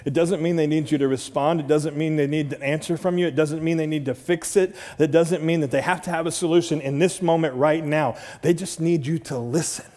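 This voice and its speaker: Animated preacher man in a reverberant hall. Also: a little fast, hardly any pauses. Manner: animated, acts out quoted voices with big pitch jumps. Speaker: pastor. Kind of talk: sermon. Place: large church hall.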